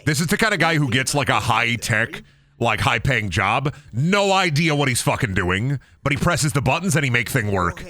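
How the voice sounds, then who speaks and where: Goofy, lively young man streaming a game. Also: moderate pace. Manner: goofy, rambling, swings into silly high voices. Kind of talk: casual gameplay commentary.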